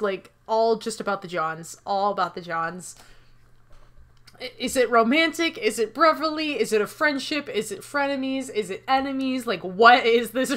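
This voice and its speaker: A playful young woman doing gaming commentary with a self-mocking streak. Her voice sits fairly high. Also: a bit bright. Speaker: let's play host.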